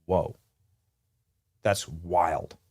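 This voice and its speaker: A man's voice: low-pitched, steady tone, very slow, darkish tone. A man hosting a live political commentary show, riffing animatedly and talking to his producers and chat.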